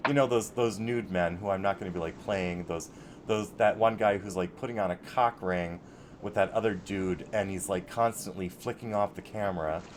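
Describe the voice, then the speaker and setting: A man's voice: low voice, moderate pace, background noise. A man hosting a casual live-stream chat, ranting bluntly with swearing. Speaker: show host.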